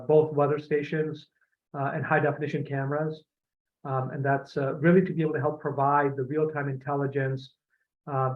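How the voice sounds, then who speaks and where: A man giving a presentation as a utility executive, measured and hesitant, with many fillers and restarts, clearing his throat as he loses his voice. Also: medium pitch. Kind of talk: presentation talk. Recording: phone-like narrow audio.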